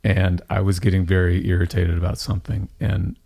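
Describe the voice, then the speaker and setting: Male podcast co-host, low fry-tinged voice, thoughtful conversational delivery. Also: level tone, brisk, dark tone, slight background noise. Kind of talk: casual podcast chat.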